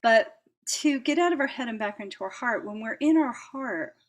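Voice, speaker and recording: A woman hosting a reflective personal talk, speaking gently with frequent laughs, fillers and restarts. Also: a little high, lively intonation, normal speed. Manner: gentle, warm-hearted, laughs often, many fillers and restarts. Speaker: host.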